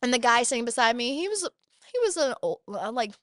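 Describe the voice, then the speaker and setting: Lively high-voiced chatty actress. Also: female voice, a little fast, dry recording, clean studio sound. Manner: chatty storyteller, animated quoting. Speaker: podcast guest, actress. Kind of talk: casual interview chat.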